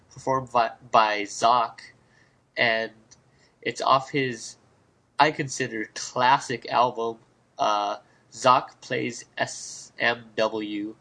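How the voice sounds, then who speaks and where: A man's voice: mid-range voice, pushed and bright. A man co-hosting a podcast in casual chat, with dry teasing banter. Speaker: podcast co-host.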